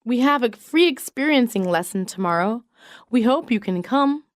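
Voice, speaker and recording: A woman reading business English sentences aloud in a measured, clearly enunciated way. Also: a little high, animated, dry recording, studio quality. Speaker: English phrase reader. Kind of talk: slow read-aloud example sentences.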